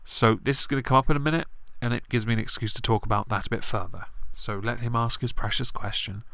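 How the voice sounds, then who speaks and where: A man's voice: mid-range voice, steady tone, fast, a bit bright, dry recording. A man, congested and breathing heavily, giving opinionated, rambling live-stream commentary and swearing now and then.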